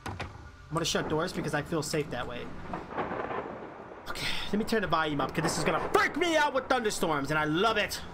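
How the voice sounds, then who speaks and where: A man streaming a horror game live, reacting excitably and reading on-screen text aloud. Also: fairly high pitch, brisk, pauses often, heavy background noise. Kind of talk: live horror gameplay commentary. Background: game music.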